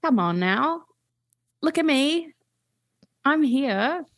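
A woman voices a self-conscious giant lizard, long extinct, who pleads with a raised, bright British lilt to be noticed. She sounds a touch distant from the mic, her voice climbing high as she insists she is still here. Cartoon-style comedy bit. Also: expressive, very slow, no echo, studio quality, full character voice. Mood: pleading.

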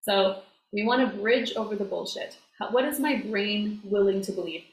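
Animated woman coach in an echoey room. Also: mid-range voice, normal speed. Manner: animated, filler-heavy, acts out quoted voices. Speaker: success coach guest. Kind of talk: casual conversational interview. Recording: roomy echo, faint noise.

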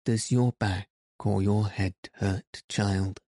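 A man reading the lines of a calm, kindly doctor who speaks gently and reassuringly. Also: lowish voice, slow pace, no echo, studio quality. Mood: gentle.

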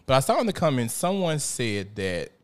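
A man hosting a casual talk show, telling lively stories, swearing and laughing often. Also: mid-range voice, normal speed. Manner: animated storyteller, profane, laughs often. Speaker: podcast host. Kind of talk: casual conversation.

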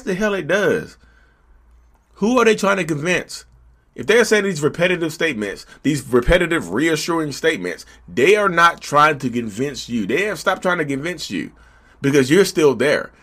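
A man's voice: a little high, sing-song, normal speed, a bit bright. A man vlogging in a casual, preachy way, speaking straight to his viewers. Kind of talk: casual commentary to camera.

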